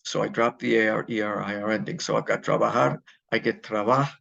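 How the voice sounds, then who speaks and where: A man's voice: on the low side, fairly even intonation, brisk, vocal fry, a bit bright, muffled recording. A man teaching a Spanish grammar lesson, explaining step by step and answering his own questions.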